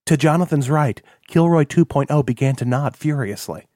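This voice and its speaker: A man giving calm, measured scripted narration of a novel. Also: a little high, no room sound, clean studio sound. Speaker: audiobook narrator.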